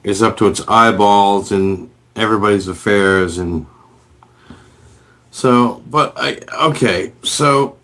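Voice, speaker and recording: A man's voice: fairly low pitch, takes it slowly, a bit bright. A man hosting a casual call-in show, cutting in with hesitant questions full of fillers. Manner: interrupting, filler-heavy questions. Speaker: host.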